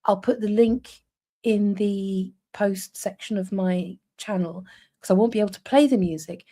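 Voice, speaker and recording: A woman's voice: mid-range voice, moderate pace, mellow. A woman in her forties from North East England, chatting casually with viewers and laughing often on a live stream. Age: 40s. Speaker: livestream co-host. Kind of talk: casual livestream chat with viewers.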